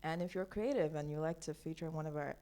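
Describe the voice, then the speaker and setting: A woman co-hosting a casual podcast, playful and quick to laugh. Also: deep voice, dark tone. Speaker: podcast co-host. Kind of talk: casual chat.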